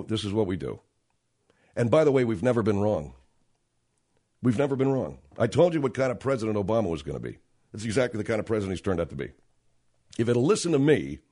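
A man's voice: mid-range voice, a little mellow. A man hosting a talk radio show, delivering an opinionated, sarcastic monologue and acting out the voices of people he quotes.

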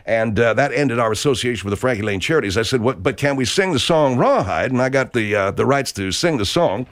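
A man's voice: medium pitch, lively intonation, fairly quick. A man from Arkansas with an Arkansas accent hosts a country show, telling a rambling comic story in a folksy way, full of filler words. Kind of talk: comedic rambling monologue.

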